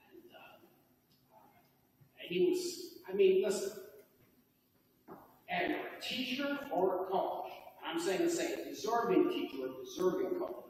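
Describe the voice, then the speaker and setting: Older male coach type, folksy and heartfelt, high lively voice, far-off mic with long hall reverb. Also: a little slow, a little hiss or hum. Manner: heartfelt, folksy, animated delivery. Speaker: inductee giving acceptance speech. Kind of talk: ceremony speech. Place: banquet hall. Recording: distant mic in echoey hall.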